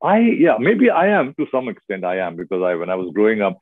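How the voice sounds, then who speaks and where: A middle-aged man with an Indian English accent speaks in a fairly low voice and chats with expressive, story-driven energy. The sound is dry and close, with no room around it, and thin and tinny like a phone line. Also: a little fast, no echo. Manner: expressive, storytelling, lively asides. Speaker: actor guest. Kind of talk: casual interview chat.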